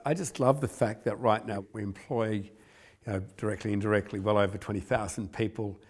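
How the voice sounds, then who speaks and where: A man's voice: lowish voice, fairly even intonation, a little fast, slightly rough. A man, a company founder, telling stories in an earnest, emotional interview. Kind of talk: reflective interview.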